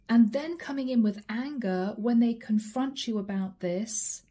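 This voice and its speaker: Husky woman doing a tarot reading. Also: fairly high pitch, moderate pace, hardly any pauses, warm tone. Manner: direct, probing questions to the viewer. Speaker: tarot reader.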